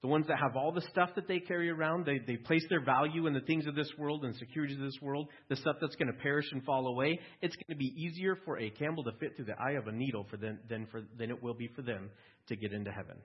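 A man's voice: medium pitch, quick pace, slightly rough, close to an everyday voice. A man voicing an earnest male religious teacher, speaking emphatically and raising his voice to press a point. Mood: emphatic. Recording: dull lo-fi recording.

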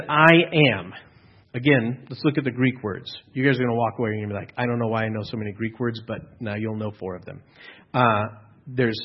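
Husky-voiced man preaching a sermon. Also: mid-range voice, lo-fi sound. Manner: earnest, teaching, with frequent restarts and fillers. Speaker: pastor.

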